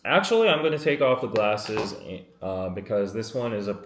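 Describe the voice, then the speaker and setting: A man's voice: fairly low pitch, big pitch swings, moderate pace, slight background noise. A man in his thirties hosting a casual live stream, chatty and apologetic as he reads out viewer comments, worn out after a day in the heat. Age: 30s. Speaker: live-stream podcast host. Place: makeshift room away from his usual setup. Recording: roomy, echoey room sound.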